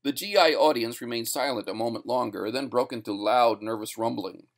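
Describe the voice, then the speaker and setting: Field: man narrating a sci-fi short story. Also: mid-range voice. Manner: steady, measured storytelling.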